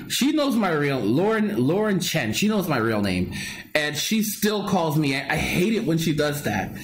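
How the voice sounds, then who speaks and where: A man with a slightly high voice hosts a casual livestream, with slight background noise. He rambles and repeats himself while chatting with viewers and reading their comments, often restarting and laughing.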